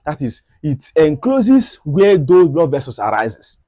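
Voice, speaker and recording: A man's voice: on the high side, very animated, unhurried, few pauses, mellow, no echo, studio quality. A man teaching a medical anatomy lesson over diagrams. He often repeats key points and asks rhetorical questions. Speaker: medical educator.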